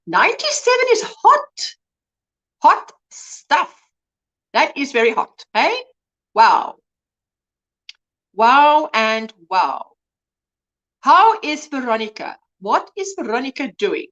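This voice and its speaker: A woman's voice: high-pitched, big pitch swings, takes it slowly, long pauses, fairly bright tone, lo-fi sound. A woman hosting a casual livestream, chatting and greeting viewers by name with frequent exclamations. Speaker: livestream host. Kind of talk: casual chat reading comments.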